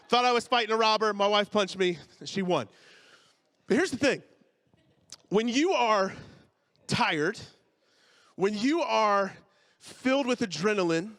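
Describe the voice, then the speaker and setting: Man pastor, high voice, casual joking sermon delivery. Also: a bit bright. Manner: conversational, joking asides, checks in with the congregation.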